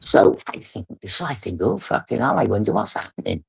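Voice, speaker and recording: Speaking briskly at an extremely low pitch with vocal fry and a slightly rough texture, a middle-aged UK woman hosts a livestream. She delivers a casual, animated story bluntly, full of heavy swearing.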